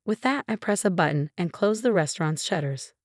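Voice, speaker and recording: A woman narrating a scripted first-person story, reading all the characters in one steady voice. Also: lowish voice, brisk, dry recording, studio quality.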